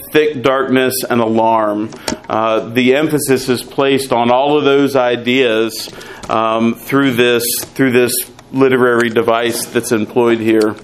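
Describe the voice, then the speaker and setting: A man teaching through a Bible passage, pausing often with fillers and reading scripture aloud. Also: medium pitch, slight background noise, rough recording. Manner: measured, frequent "uh" fillers, reads scripture aloud. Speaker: pastor teaching a Bible study.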